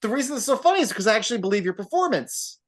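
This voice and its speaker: A man on a casual podcast, talking about a movie with animated energy and frequent swearing. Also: very high-pitched, very fast. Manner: animated, acts out scenes with put-on voices and laughter; swears freely. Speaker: podcast co-host.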